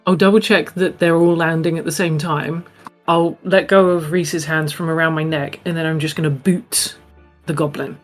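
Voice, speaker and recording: Low-voiced woman, brisk tabletop player. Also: steady tone, faint music behind. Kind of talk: casual tabletop game play.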